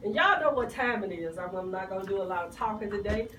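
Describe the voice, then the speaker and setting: A woman's voice: medium pitch, animated, quick pace, roomy sound, recorded from a distance, background noise. Sick, subdued woman radio host. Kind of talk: radio talk show hosting.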